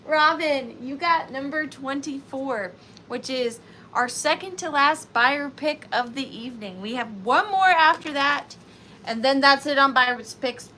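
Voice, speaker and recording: During a live auction stream, a woman with a high voice and a Southern US accent sells vintage items, chatting with buyers in a playful, sing-song style. Her delivery is pushed and bright yet easy and unhurried, and clear background noise sits beneath her voice.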